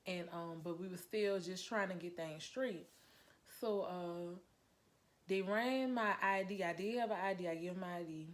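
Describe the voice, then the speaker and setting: Animated woman telling a story. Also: lowish voice, normal speed. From Louisiana. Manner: animated, addresses viewers as "y'all", acts out her own lines. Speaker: vlogger telling a personal story. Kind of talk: casual storytime to camera.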